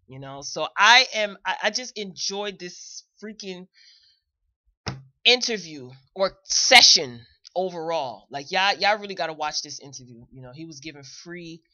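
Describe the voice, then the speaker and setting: Woman, online show host, bright forceful voice, emphatic, repeats lines, chatty, slightly muffled lo-fi audio. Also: lowish voice, lively intonation, a little slow, dry recording. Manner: chatty, addresses viewers directly. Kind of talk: live online commentary show.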